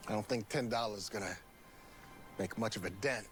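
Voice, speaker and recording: An actor playing a harsh, dismissive middle-aged father in a scripted web drama, barking orders gruffly. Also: on the low side, brisk, faint music behind, natural voice. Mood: irritated.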